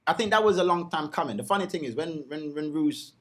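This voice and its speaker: Fast-talking Jamaican man. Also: fairly high pitch. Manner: quick, animated storytelling with restarts. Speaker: guest DJ. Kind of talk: casual podcast chat.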